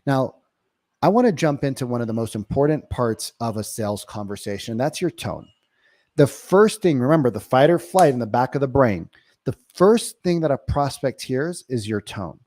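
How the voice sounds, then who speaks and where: A real estate sales trainer delivers an emphatic coaching monologue, constantly checking in with the listener by asking "right?" His mid-range voice is a little mellow, with lively intonation and a moderate pace. The sound is dry and studio-clean.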